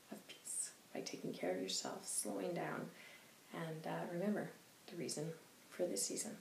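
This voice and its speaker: A woman vlogging as an intuitive reader, talking slowly and softly with hesitant pauses. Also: lowish voice, creaky, slight background noise. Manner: slow, soft, hesitant. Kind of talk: casual spiritual vlog. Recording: echoey room.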